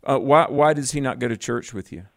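A man's voice: medium pitch, a little fast, vocal fry, no room sound, clean studio sound. A man co-hosting a call-in Bible radio show, giving firm, fatherly advice with preacherly emphasis.

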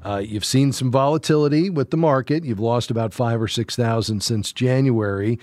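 A man's voice: medium pitch, moderate pace, darkish tone, no echo, clean studio sound. Reassuring man hosting a call-in show. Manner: friendly, reassuring, explains step by step. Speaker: radio show host. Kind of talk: call-in radio advice show.

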